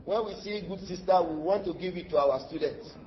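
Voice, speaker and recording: A man with a Nigerian accent giving a lively sermon as an Islamic lecturer, acting out dialogue in his stories and laughing often. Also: high voice, brisk, a little hiss or hum. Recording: dull lo-fi lecture recording.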